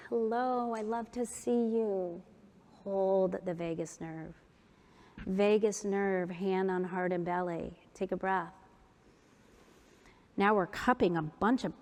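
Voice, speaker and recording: A woman giving a keynote talk, leading an audience through breathing and humming exercises. She is upbeat and playful, pokes fun at herself, and slows down for soft, gentle cues. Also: on the low side. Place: large conference hall. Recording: long hall reverb.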